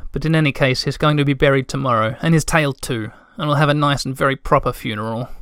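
A man's voice: mid-range voice, fairly even intonation, fast, a bit bright, clear, resonant tone, no room sound, studio quality, close to an everyday voice. A man reading aloud and voicing a solemn, earnest young troll.

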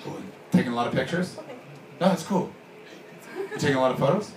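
A man doing stand-up comedy, bantering with the crowd in a loud, sweary way. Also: mid-range voice, fast. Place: live comedy venue with audience. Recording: roomy, distant mic with background noise.

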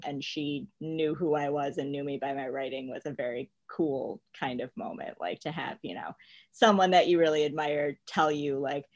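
A woman fan writer in casual interview chat, animated and giggly. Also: sits low, brisk, lo-fi sound.

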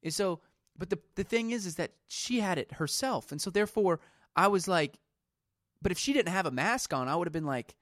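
A man hosts a solo podcast, venting about everyday pet peeves in a conversational rant. His voice sits a little high for a man, and the close mic leaves it dry with no room sound. He retells arguments by quoting both sides. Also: animated, fairly quick, fairly bright tone, no room sound. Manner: ranting, retells arguments with quoted back-and-forth. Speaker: podcast host.

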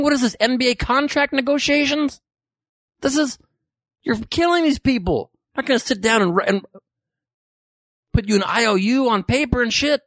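A man's voice: very high-pitched, normal speed, long pauses, fairly bright tone, no echo, clean studio sound. A man hosting a podcast, riffing sarcastically and profanely on news headlines. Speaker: podcast host. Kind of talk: comedic news commentary.

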